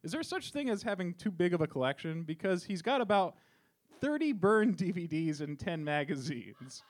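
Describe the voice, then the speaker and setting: A male podcast host in casual comedy banter, laughing a lot and tripping over words while he reads letters. His voice sits fairly high and swings widely in pitch. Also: big pitch swings, moderate pace. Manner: giggly, stumbles when reading aloud.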